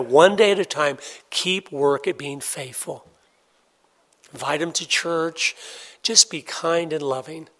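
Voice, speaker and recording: A middle-aged pastor with a fairly high-pitched voice preaches a sermon, earnestly recounting a personal story. He swings between loud, excited stretches and hushed ones.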